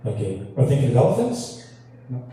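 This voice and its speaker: A man from Canada, a guitarist, tells self-deprecating stories from the stage with an easy, laughing delivery. His voice is dark and mellow. The sound carries a long, echoey hall reverb and is caught from a distance. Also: medium pitch, wildly swooping pitch, brisk. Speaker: guitarist telling stories between songs. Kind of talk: on-stage storytelling banter. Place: large hall with audience. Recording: echoey hall, distant mic, faint ambience.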